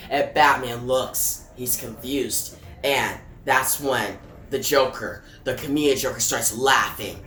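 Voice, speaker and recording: A man's voice: mid-range voice, unhurried, hardly any pauses, a bit bright, a little hiss or hum. A man recapping a comic book issue scene by scene, voicing the sound effects. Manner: plain retelling, voices sound effects. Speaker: comic reviewer. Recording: roomy echo, faint music.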